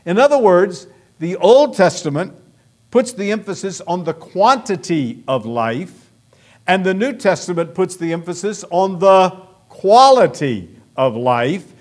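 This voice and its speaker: A male pastor preaches with an animated, swooping voice that sits a little high for a man. He drives his points home with emphatic rhetorical questions, leaning into key words. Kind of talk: sermon.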